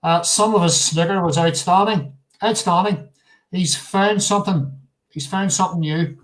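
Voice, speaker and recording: Male host, high-pitched, jokey, teasing banter in a casual live show. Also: moderate pace, low-quality recording.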